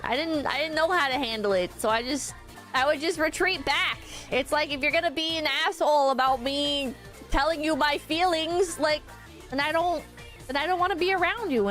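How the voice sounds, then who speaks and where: A woman's voice: high-pitched, lively intonation, moderate pace, a bit bright, faint music behind. A young woman streamer chatting frankly and at length, swearing often and filling her talk with "like". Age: young adult. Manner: rambling, frank, swears often, many fillers. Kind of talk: casual stream chat.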